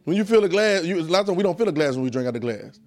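Very fast and with lively intonation, a man teaches a Bible class like a call-and-response sermon. He's repetitive and emphatic, regularly dropping into a low, quiet tone.

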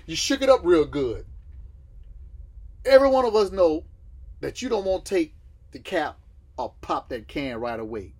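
A man teaches a Bible class, often stopping to ask his listeners questions and then answering them himself. His voice sits a little high and is husky, and his pitch swings up and down a great deal as he explains each verse. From Southern United States.

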